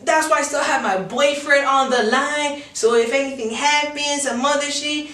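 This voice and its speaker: Shrill drunk young woman, as a storyteller puts her on, defiant, snapping, high-pitched, roomy echo, distant from the mic. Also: fairly even intonation, moderate pace, a bit bright. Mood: accusing.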